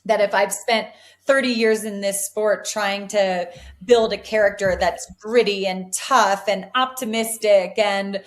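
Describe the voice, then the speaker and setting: A woman's voice: mid-range voice, steady tone, unhurried. Earnest upbeat woman runner in interview. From United States. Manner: earnest and upbeat, with frequent restarts and ums. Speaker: interview guest, elite distance runner. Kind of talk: reflective interview talk.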